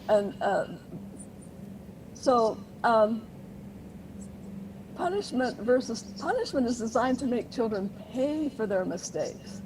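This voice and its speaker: A woman explaining parenting ideas as an interview guest, earnest and teacherly, with light laughs now and then. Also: mid-range voice. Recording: noisy interview recording.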